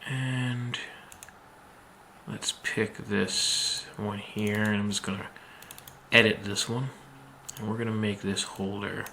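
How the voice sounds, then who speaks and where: Male instructor, lowish gravelly voice, unhurried step-by-step CAD walkthrough, faint hiss and keyboard clicks behind. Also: level tone, bright, forceful tone. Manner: slow, methodical, thinking aloud with many ums. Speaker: machining instructor. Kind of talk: screen-recorded software tutorial.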